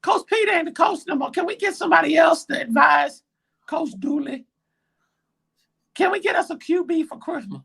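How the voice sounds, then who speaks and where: A woman's voice: extremely high pitch, moderate pace, creaky, fairly bright tone, exaggerated voice. A woman voicing a whiny little boy football fan who pleads and rambles to Santa in a comedy skit. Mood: pleading.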